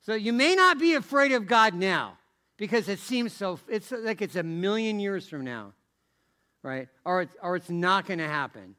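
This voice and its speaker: A middle-aged man gives a sermon in a high, light voice. His delivery is chatty rather than formal, full of rhetorical questions and repeated restarts. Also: expressive, normal speed, bright, forceful tone, clear, resonant tone. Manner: rhetorical, keeps asking "right?", restarts and repeats phrases. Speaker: preacher. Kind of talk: conversational sermon.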